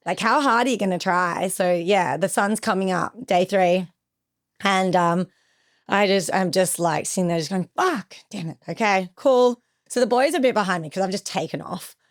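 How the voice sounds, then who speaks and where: A young woman recounting a personal ordeal as a podcast guest, with vivid retelling and acted-out quotes. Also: medium pitch. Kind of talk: emotional personal storytelling.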